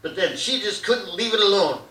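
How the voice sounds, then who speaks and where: A brash male comedian in his fifties rambles through a crude stand-up set in a strikingly high voice. He is heard from a distance in an echoey theater with clear noise behind him. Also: lively intonation, moderate pace, bright, forceful tone. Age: 50s. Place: theater stage, live audience. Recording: roomy live theater audio from afar.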